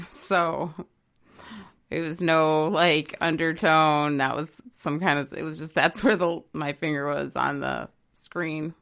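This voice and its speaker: A woman with a low, gravelly voice chats on a podcast. She tells her story in a relaxed, chatty way. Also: slow. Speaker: podcast co-host. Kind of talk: casual chat.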